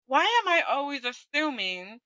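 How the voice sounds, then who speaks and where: A woman's voice: sits high, big pitch swings, a little slow, sharp tone, dry recording, muffled recording. A middle-aged woman guest candidly telling her own story in conversation, often ending on a tag question. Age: 40s or older.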